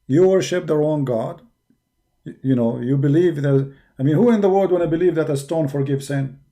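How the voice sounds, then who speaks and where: Arabic-accented man, gravelly and dark-toned, emphatic debater who mocks his opponents. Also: a little high, moderate pace. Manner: combative, mocking, emphatic. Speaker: religious debater. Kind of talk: polemical monologue.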